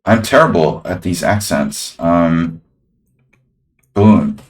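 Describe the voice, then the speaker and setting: Male chess streamer, very low voice, loose rambling live commentary to chat. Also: lively intonation, takes it slowly. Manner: casual, rambling, talks to chat.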